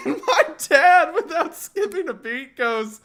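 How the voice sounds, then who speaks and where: A man with a fairly high voice tells a rambling family story in a relaxed, chatty way. He laughs often and bursts into loud acted-out quotes. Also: slow pace. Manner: animated, laughs often, acts out quotes loudly. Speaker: streamer. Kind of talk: casual storytelling.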